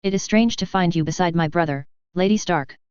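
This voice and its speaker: A woman's voice: lowish voice, a little fast, darkish tone, clean tone, dry recording, muffled recording, lightly acted. A stern, curt lord, read by a woman. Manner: curt, growling, cold. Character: stern rigid older lord claiming a throne. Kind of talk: fan fiction reading.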